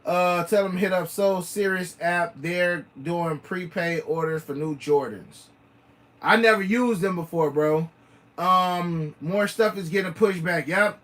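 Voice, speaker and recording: High-voiced man in a casual sneaker livestream. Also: measured pace, fairly bright tone. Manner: loose, repetitive, slangy talk with many fillers. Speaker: sneaker channel host.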